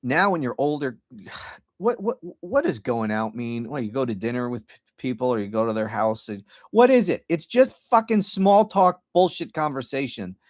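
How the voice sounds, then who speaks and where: A man's voice: mid-range voice, animated, normal speed, a little mellow, dry recording, clean studio sound. A middle-aged man hosting a political podcast livestream, ranting bluntly and profanely with frequent restarts.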